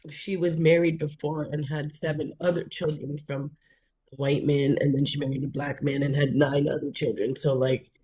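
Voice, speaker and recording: A woman's voice: deep voice, little pitch movement, normal speed, dark tone, slight background noise, rough recording. A woman from Canada chatting casually as a client during a reading. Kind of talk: casual chat.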